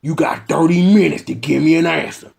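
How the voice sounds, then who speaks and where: A man's voice: a little high, fairly quick, gravelly, a little mellow. A man voicing a blustering small-time gangster who makes threats in heavy street slang. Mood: shouting threats.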